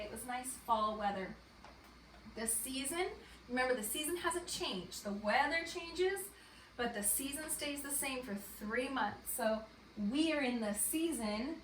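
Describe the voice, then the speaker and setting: A woman teacher leading a morning meeting for small children, her voice a bit high. She stretches out words in a slow, sing-song way as she counts along with them. The sound is roomy and echoey, picked up from a distance. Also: a bit bright, slight background noise. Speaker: elementary school teacher. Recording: echoey room, voice from far off.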